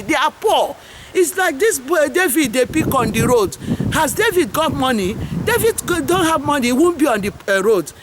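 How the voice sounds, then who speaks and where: Speaking at a moderate pace in a high voice with lively intonation, a middle-aged Nigerian-English-accented woman hosts a fervent, meandering monologue packed with repeated, preachy slogans. She advocates for farmers, and slight background noise is present.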